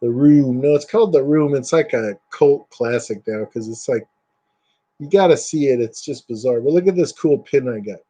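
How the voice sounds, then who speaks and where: Rambling man with a mellow voice. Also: medium pitch, normal speed. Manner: rambling, filler-heavy, enthusiastic. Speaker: collector showing items. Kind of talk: casual show-and-tell chat.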